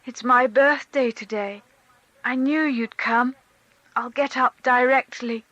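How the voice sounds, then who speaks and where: A woman's voice: steady tone, takes it slowly, bright, forceful tone, no echo, dull audio, exaggerated voice. Seryozha, a woman doing an eager little boy. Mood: excited. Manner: high, eager, breathless child's voice. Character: young boy, sleepy, affectionate, excitable.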